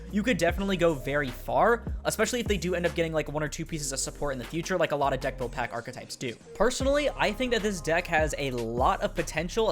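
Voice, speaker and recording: A man reviewing a card game deck in casual, rambling talk, speaking with a sick voice. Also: fairly high pitch. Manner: fast, rambling, with fillers and swearing. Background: faint background music.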